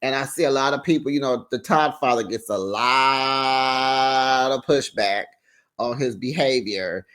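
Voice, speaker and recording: A man hosting a casual recap of a reality show, sassy and animated, acting out quotes and laughing between remarks. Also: unhurried, clean tone. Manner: sassy, animated, acts out quotes with sharp pitch jumps. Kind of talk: casual chatty recap commentary.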